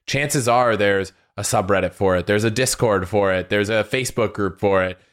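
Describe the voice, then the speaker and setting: A man's voice: lowish voice, normal speed, fairly bright tone. A man, a podcast guest, giving encouraging advice in an interview.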